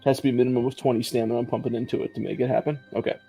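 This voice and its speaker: A man playing a tabletop game, chatty and thinking out loud, laughing often. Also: medium pitch, level tone, racing, vocal fry, slightly rough, soft background music, poor audio. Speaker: player. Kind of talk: casual tabletop play.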